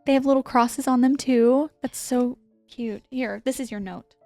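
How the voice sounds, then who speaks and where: A woman's voice: high voice, steady tone, normal speed, no echo, soft background music. A woman co-hosting a podcast, enthusiastic and chatty, reading listener letters aloud. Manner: warm and enthusiastic, many fillers like "like". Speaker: podcast co-host.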